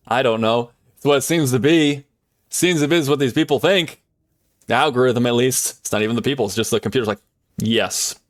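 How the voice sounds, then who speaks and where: A man's voice: mid-range voice, dry recording, studio quality. A man streaming live, chatting casually and cheerfully with his viewers, full of fillers and asides.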